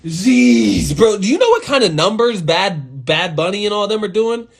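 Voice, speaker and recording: Young male streamer, fairly high voice, loose profane pep talk with sudden loud bursts. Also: normal speed. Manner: animated and profane, swings between loud outbursts and low muttering. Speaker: host of an Instagram live stream. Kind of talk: casual motivational monologue.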